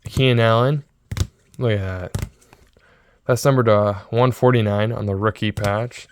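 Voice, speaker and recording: Excitable young man vlogging, smooth voice. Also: lowish voice, measured pace, no room sound. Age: 20s. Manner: excitable, rambling, repeats himself. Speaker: sports card seller and vlogger. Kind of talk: casual vlog talk.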